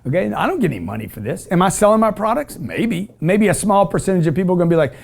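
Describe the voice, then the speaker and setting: Brash high-voiced man preaching. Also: sing-song, fast, gravelly, few pauses. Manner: brash, emphatic, repetitive preaching. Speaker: show host. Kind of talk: motivational call-in show talk.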